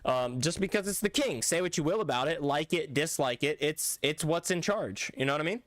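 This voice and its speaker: A man's voice: on the high side, lively intonation, a little fast, dry recording. Rambling young-sounding male streamer, dry mic. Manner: rambling, self-correcting, talks back to chat. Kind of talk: casual live-stream chat while gaming.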